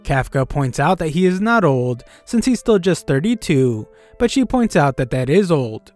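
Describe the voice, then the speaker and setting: A man narrating an anime recap in a steady, matter-of-fact scripted storytelling manner. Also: fairly high pitch, normal speed. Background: faint background music.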